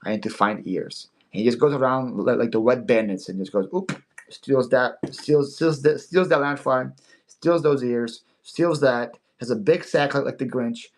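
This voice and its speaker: A man hosting a casual livestream sale, playful and quick to laugh, often stammering and repeating words. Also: mid-range voice. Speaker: live online seller host.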